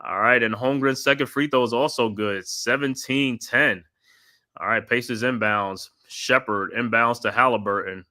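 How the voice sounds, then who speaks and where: Bright-voiced man calling live play-by-play. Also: mid-range voice, moderate pace. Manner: steady running call with casual asides. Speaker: watch party host calling the game.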